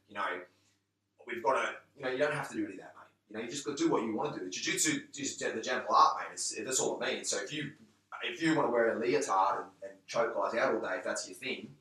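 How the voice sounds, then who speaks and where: An English-accented man talks fast and forcefully in a casual podcast chat, tripping over his restarts as he makes his point. His voice has a bright, hard edge. He sounds set back from the mic in an echoey room. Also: fairly low pitch, recorded from a distance. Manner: rapid, emphatic, many restarts and swearing. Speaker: guest, MMA gym owner and coach.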